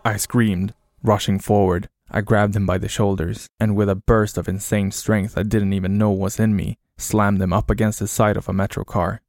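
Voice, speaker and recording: A man narrating a horror story in a flat, grim, low-key way. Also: moderate pace, few pauses, no echo, studio quality.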